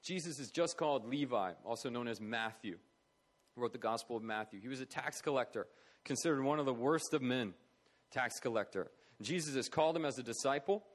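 A man preaching a sermon in an earnest, conversational way, with fillers and restarts. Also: a little high. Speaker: preacher for an orphan charity.

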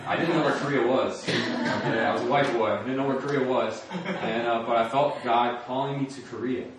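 A middle-aged American man with a steady, mid-range voice gives a sermon testimony a little fast, telling his story and laughing often at a church or campus ministry gathering. He's recorded from far off in an echoey room with background noise.

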